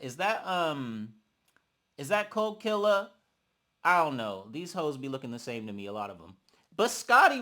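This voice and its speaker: A man's voice: fairly high pitch, pushed and bright. A man giving a casual, sassy recap of a reality show. He calls the listener honey and acts out the quotes of the people he talks about. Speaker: reality TV reviewer.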